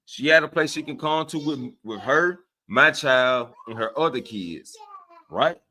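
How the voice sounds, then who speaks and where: A man with a Southern US accent hosting a casual livestream, speaking to his viewers in an animated, preachy way and often checking in with them. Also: mid-range voice, unhurried. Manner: animated and preachy, often asks "right?" of listeners. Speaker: livestream host. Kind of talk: casual livestream talk to chat.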